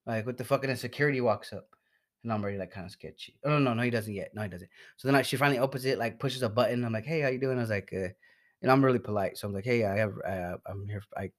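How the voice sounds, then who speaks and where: A man's voice: mid-range voice, very fast. A man telling a long, profane story in casual chat, stumbling over his words and laughing as he goes.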